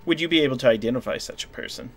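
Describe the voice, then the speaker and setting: A man's voice: mid-range voice, racing, a bit bright, lightly acted. A man voicing a paranoid, sleep-deprived woman scientist who talks in a tense, guarded way. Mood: cold.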